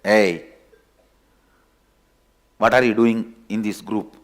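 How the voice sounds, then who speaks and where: A man's voice: fairly low pitch, fairly even intonation, slow, voice pushed down. A man voicing a stern, patient male lion who scolds firmly. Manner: firm, scolding.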